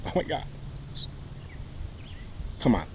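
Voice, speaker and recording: A man's voice: slow pace, a little mellow, low-quality recording. Michigan man, bitter personal monologue, emphatic, faint outdoor noise. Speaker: vlogger telling his own story.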